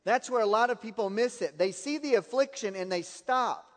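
A man's voice: sits high, lively intonation, moderate pace, in a large hall. A man preaching a sermon, telling personal stories and laughing at his own anecdotes.

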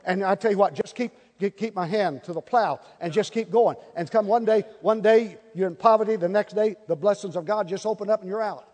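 A man preaching a sermon to his congregation, folksy and animated, acting out little scenes as he goes. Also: sits high, fairly quick, few pauses. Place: church hall before a congregation. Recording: hall reverb.

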